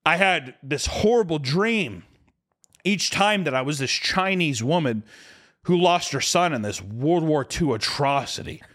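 A man's voice: a little high, unhurried. A man telling a rambling, profane story in casual chat and acting out the people in it. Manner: profane, animated, acts out voices in quotes.

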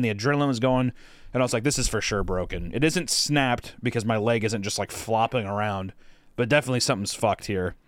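A man's voice: mid-range voice, no echo, clean studio sound. A young man co-hosting a podcast, telling a long story in a casual, rambling way with lots of fillers and swearing. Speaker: podcast co-host.

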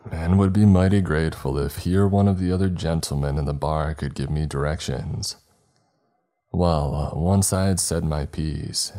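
A man reading a scripted first-person horror story in a steady, measured way. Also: rumbling low.

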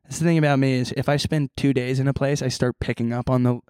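A man's voice: medium pitch, fairly even intonation, quick pace, darkish tone, clean tone, no echo. Man, podcast co-host, goofy jokey banter, dry close mic. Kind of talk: casual chat.

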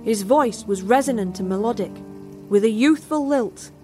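A woman's voice: a little high, normal speed, lightly acted. A woman narrating a first-person horror tale as a barmaid in an audio drama. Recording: music score underneath.

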